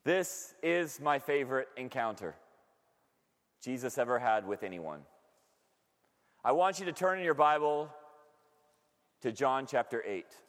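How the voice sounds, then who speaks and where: A man's voice: mid-range voice, sing-song, measured pace, pauses often. A man preaching a casual, joking sermon to a group, chatty and often laughing. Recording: long hall reverb.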